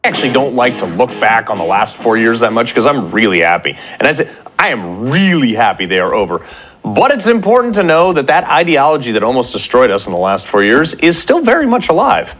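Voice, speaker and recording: A man's voice: medium pitch, very animated, brisk, a bit bright. A man delivering a fiery political opinion monologue, combative and rhetorical, hammering phrases through repetition. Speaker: political commentator.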